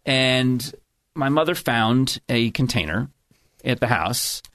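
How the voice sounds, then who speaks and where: Speaking slowly in a mid-range, fairly bright voice with lively intonation, a middle-aged man chats casually about his family. His storytelling wanders, and he keeps interrupting himself to begin sentences again. The recording is dry.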